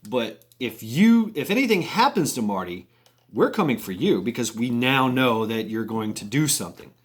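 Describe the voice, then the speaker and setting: A man's voice: mid-range voice, very animated, moderate pace, slightly rough. A man voicing a stern male FBI agent who delivers blunt warnings. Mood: threatening.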